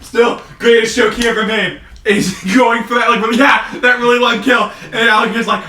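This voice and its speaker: A man co-hosting a casual podcast with friends, telling game stories excitedly, laughing and swearing. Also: very high-pitched, normal speed, hardly any pauses. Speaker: podcast co-host. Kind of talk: casual chat among friends. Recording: roomy echo, distant mic, faint noise.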